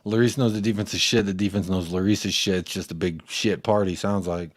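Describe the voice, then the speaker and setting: Guy hosting a footy fan show, lowish voice, dry close sound, kinda rambly and sweary. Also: steady tone, a little fast, no room sound. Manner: rambling, loses his train of thought, swears. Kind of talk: casual post-match fan chat.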